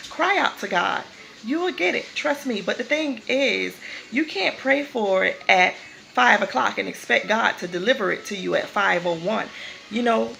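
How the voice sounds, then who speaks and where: A woman talks through a devotional in a loose, conversational way, often repeating or restarting her phrases. Her mid-pitched voice carries a heavy, gravelly fry. A faint hiss of noise sits behind her. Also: fairly bright tone, rough recording. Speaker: vlogger giving a faith talk. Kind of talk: casual spoken devotional.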